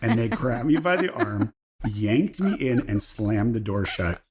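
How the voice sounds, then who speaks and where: A man's voice: lowish voice, expressive, a little slow, darkish tone. A middle-aged man, a guest on an interview show, telling an anecdote casually and acting out the voices of the people he quotes. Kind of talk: casual storytelling.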